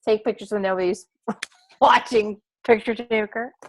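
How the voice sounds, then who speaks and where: A woman's voice: mid-range voice, steady tone, unhurried, a little hiss or hum. A woman in her forties who leads a team, talking earnestly on a casual group video call. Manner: earnest, storytelling. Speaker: team leader.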